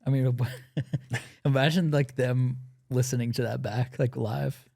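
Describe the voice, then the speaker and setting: A man's voice: medium pitch, steady tone, measured pace, vocal fry, a little mellow, dry recording, clean studio sound. A young man co-hosting a podcast, asking curious questions and laughing often. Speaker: podcast co-host. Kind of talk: casual chat.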